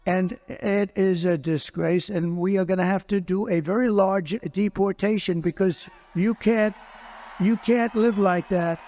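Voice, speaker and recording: Man, politician, interview, high-pitched voice, emphatic, repetitive phrasing. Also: steady tone, a little slow, a little mellow. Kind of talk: unscripted interview conversation.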